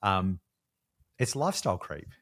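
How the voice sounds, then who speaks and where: A man muses in a fairly low voice, slipping into jokes and swearing for emphasis. His talk is casual and reflective, like a friend's chat over coffee. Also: sing-song, moderate pace, fairly bright tone.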